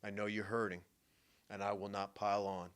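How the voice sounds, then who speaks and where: Emphatic older New talk host. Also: male voice, on the low side, flat delivery, brisk. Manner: emphatic storytelling, swings from hushed to loud. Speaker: show host and therapist. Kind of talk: radio-style talk monologue.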